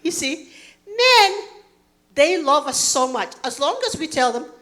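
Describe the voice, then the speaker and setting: A woman's voice: high voice, big pitch swings, unhurried. A woman, doing a brash, profane stand-up comedy set. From Somalia. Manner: brash, loud outbursts, profane.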